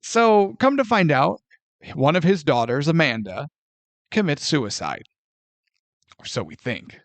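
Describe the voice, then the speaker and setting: Podcast co-host, male, high voice, animated scene-reenacting movie talk, dry close sound. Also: a little slow, no room sound. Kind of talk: casual movie review chat.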